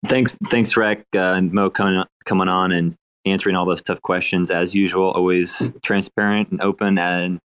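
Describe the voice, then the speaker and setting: Very deep, smooth male voice. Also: fairly even intonation, moderate pace, hardly any pauses, a bit bright, poor audio. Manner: earnest, praising thank-you speech. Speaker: guest. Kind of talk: casual chat.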